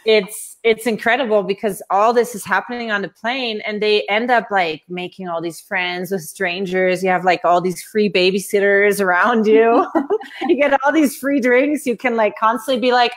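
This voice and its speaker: A woman talking as a guest in a relaxed interview. She tells her stories with animation and slips into little acted-out voices when she quotes people. Her pitch sits in a middle range. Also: moderate pace. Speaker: interview guest, coach and speaker. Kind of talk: casual interview conversation.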